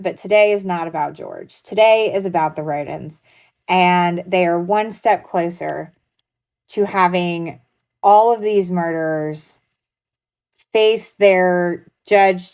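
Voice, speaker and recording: The speaker is a young woman who makes true crime content, talking casually in a video update with fillers and restarts. Her voice is lowish and a little mellow, recorded with no room sound.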